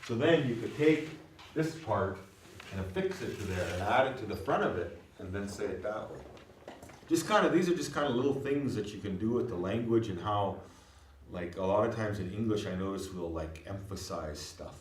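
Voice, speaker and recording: With a fairly low pitch and lively intonation, a man leads a language class at a moderate pace, breaking words down step by step. He repeatedly asks "you know what I mean?" to confirm his students understand. The far-off, echoey classroom recording carries slight background noise.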